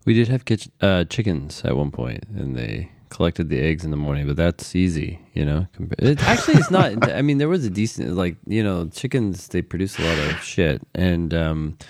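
A man's voice: low voice, lively intonation, moderate pace, gravelly, hardly any pauses, darkish tone, no echo, clean studio sound. A man and father telling family stories in an easygoing, rambling way as a podcast co-host. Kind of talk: casual chat.

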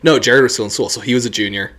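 A man's voice: medium pitch, rapid-fire. A young man co-hosting a podcast, chatting casually and telling stories, laughing often. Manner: laughs often, animated storytelling. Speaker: podcast host.

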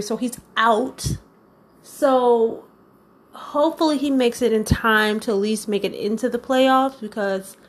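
A woman hosting her own weekly show, ranting and chatting in a casual, opinionated, rambling way. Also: mid-range voice. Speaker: podcast host. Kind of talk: casual commentary rant.

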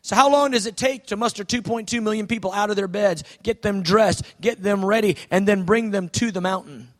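A man delivering a sermon in a high voice. He is dramatic, rising to shouts and then dropping to a hush. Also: brisk. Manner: dramatic, swings from shouting to hushed. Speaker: preacher.

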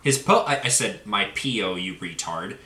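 Man, casual storytelling, animated, laughing, bright sharp voice, roomy echo, slightly distant mic. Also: on the low side, moderate pace. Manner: animated, laughing, acts out quotes loudly. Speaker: podcast co-host telling a story. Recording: echoey room, voice a bit off-mic, faint ambience.

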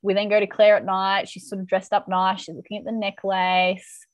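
A woman's voice: mid-range voice, flat delivery, normal speed, no echo, rough recording. A woman co-hosting a casual chat, animatedly retelling a TV episode and reacting with laughs. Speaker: podcast co-host recapping a TV episode.

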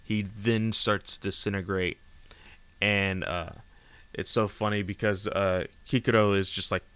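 A man's voice: on the low side, flat delivery, a little slow, fairly bright tone, clear, resonant tone, no room sound. A man casually recapping a manga chapter, rambling with lots of fillers, speaking into a close desk mic.

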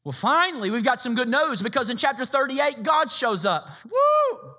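Bright-voiced joking preacher. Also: male voice, very high voice, fairly quick. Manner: joking, animated storytelling. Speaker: pastor. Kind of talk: sermon.

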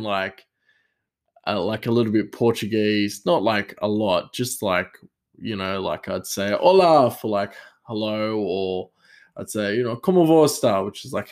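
A man with an Australian accent who works in a kitchen, chatting casually in a rambling, sarcastic way with lots of fillers. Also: fairly low pitch. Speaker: kitchen worker. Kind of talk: casual storytelling chat.

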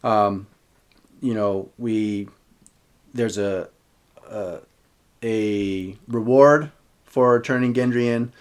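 A man casually recapping a TV episode, talking in a halting way with many pauses and restarts. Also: on the low side, fairly even intonation, clean tone. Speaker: podcast host recapping a TV episode.

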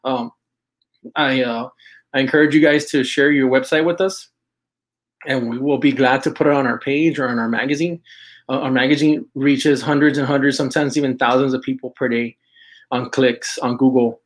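A man chatting on a live stream, his voice sitting at an ordinary middle pitch. He starts and restarts his sentences and repeats words as he goes. He slips the odd Spanish phrase into his English. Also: steady tone, normal speed. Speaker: host of a live stream for an apparel and fishing brand. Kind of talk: casual live-stream chat with shout-outs.

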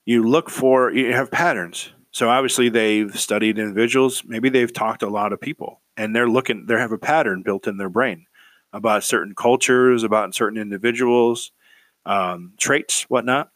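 A man's voice: mid-range voice, fairly even intonation, moderate pace, fairly bright tone, no room sound. A man giving casual career advice in a rambling way, repeating words and checking in with "right?".

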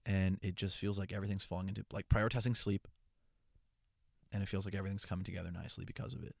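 A young man talking straight to his followers in a loose, rambling way. He swears often, restarts his sentences and sounds upbeat and earnest. His voice is fairly low, and the recording is dry and close. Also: fairly even intonation, very fast, gravelly, a little mellow, no room sound. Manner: rambling and profane, with frequent restarts. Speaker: content creator. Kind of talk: casual chat.

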